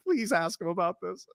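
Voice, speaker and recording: A man in his thirties, a former ball player, telling stories in a casual interview, animated and laughing. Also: high voice, vocal fry, no room sound, clean studio sound. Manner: animated storyteller, acts out quoted voices, laughs often.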